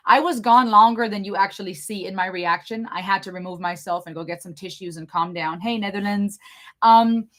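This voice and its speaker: A young woman with a slight German accent chats through a live Q&A stream. She talks quickly and gets excited easily, in a voice of ordinary pitch. Her tone is casual and friendly, like an everyday vlog host. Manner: excitable, fast-talking, chatty. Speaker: channel host doing a live Q&A.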